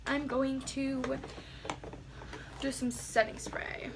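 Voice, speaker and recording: Doing her makeup on camera, a high-voiced beauty vlogger explains each step in a chatty, self-deprecating way. Her tone stays level and slow, with frequent pauses and noise in the background.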